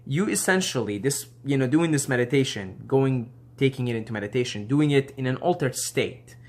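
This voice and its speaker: A man's voice: mid-range voice, lively intonation, brisk. Laid-back man chatting to camera. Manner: laid-back, laughs often; slangy, loose and rambling. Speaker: video host. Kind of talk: casual talk to camera.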